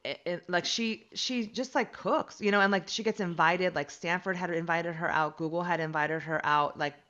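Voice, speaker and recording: Chatty bright-voiced woman telling a story. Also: on the low side, normal speed, dull audio. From United States. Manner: animated, chatty, full of "like" and acted-out quotes. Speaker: podcast guest, comedian. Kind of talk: casual storytelling chat.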